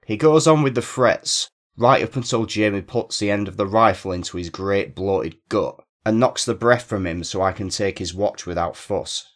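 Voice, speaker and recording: A man narrating a first-person crime story in a steady, measured way. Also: on the low side.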